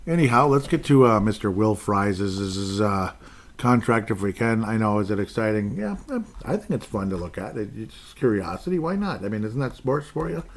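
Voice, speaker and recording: A man's voice: lowish voice, animated, normal speed. A man hosting a solo sports podcast, rambling and joking as he goes through player contracts, sometimes playing with his voice. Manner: rambling, jokey, plays with his voice. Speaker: podcast host.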